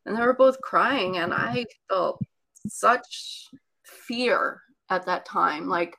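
A woman's voice: mid-range voice, takes it slowly, creaky, bright, forceful tone, poor audio. A woman telling a personal childhood story in conversation, chatty and rambling with many asides.

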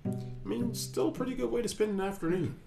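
A woman's voice: mid-range voice, a little fast, gravelly, music in the background. A woman co-hosting a podcast, dropping wry quips in casual chat. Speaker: podcast co-host.

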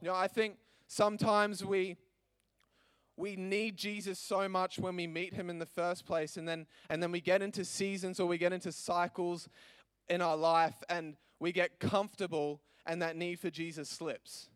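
A young man preaching as a youth pastor, earnest and animated, with many restarts and fillers. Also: high-pitched, normal speed, smooth, no room sound. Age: young adult. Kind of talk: sermon.

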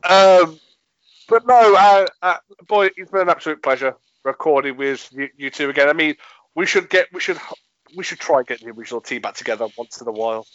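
A man's voice: on the high side, lively intonation, fairly quick, a bit bright, no room sound, lo-fi sound. A man hosting a casual football podcast, blunt and swearing, laughing often. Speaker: podcast host.

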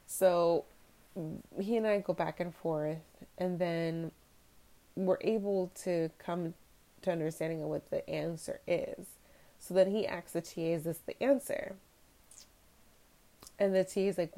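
A woman's voice: fairly low pitch, unhurried, mellow. A young adult woman hosting a podcast, telling a personal story candidly and acting out what others said. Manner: candid, reflective, quotes others in dialogue. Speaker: podcast host.

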